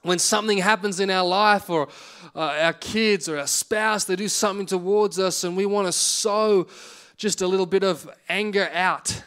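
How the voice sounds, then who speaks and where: High-voiced man preaching a sermon. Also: moderate pace, clean tone. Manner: animated storytelling, acts out reactions. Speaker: pastor.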